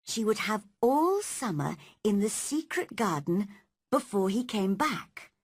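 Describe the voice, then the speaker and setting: A woman reading a story aloud at a slow, careful pace for learners. Her voice rises and falls freely with a slightly husky edge, recorded close and dry. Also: medium pitch, big pitch swings, darkish tone, dry recording. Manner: slow and clearly paced. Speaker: narrator. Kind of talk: slow scripted narration for learners.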